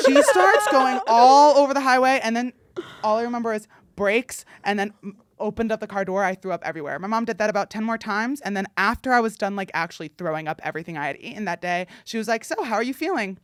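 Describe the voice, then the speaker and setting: A young woman hosting a podcast, telling a story casually with many fillers and acting out quotes loudly. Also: medium pitch, no room sound. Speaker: podcast host.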